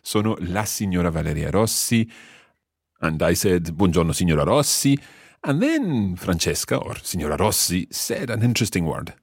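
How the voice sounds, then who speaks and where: A man with a low, husky voice teaches a podcast language lesson, walking through each phrase patiently. His intonation swings widely as he explains and quizzes, and the sound is close and dry. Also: sing-song, moderate pace, dry recording.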